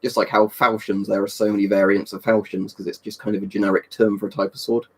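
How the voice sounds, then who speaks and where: A man's voice: on the low side, level tone, fast talker, breathy edge. A man chatting casually on a live stream in a rambling, talkative way, answering viewers' questions and swearing now and then. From Britain.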